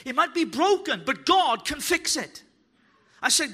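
A man preaching a sermon, fervent and joking, building to shouted declarations. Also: very high-pitched, very animated, a little slow. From Wales. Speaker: pastor. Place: church hall.

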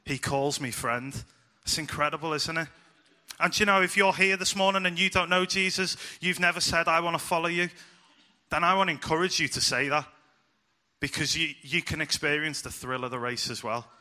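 A man preaching an informal sermon to a church congregation, lively and chatty, asking the children questions and joking with them. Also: a little high, moderate pace.

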